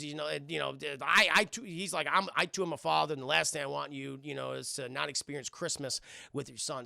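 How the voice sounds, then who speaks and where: A man casually recapping a film scene by scene for his live chat, rambling and profane, acting out the characters in quick voices. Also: on the high side, creaky, pushed and bright, no room sound, studio quality. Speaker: film review streamer.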